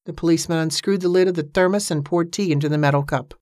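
A narrator reading an audiobook in an even, measured way, giving the characters light voices. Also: mid-range voice, no room sound, studio quality.

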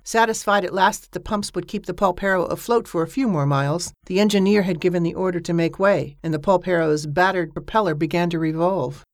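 A woman reading a story aloud as an audiobook narrator, with a steady storytelling manner. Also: fairly quick, hardly any pauses, dry recording, clean studio sound. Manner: steady storytelling voice, lifting pitch for characters' dialogue. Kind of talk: scripted narration.

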